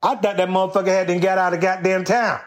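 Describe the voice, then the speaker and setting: A man's voice: high voice, level tone, fast, lo-fi sound. A man telling a rambling, profane comedy story about his old job, swearing constantly and laughing as he talks. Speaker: stand-up storyteller.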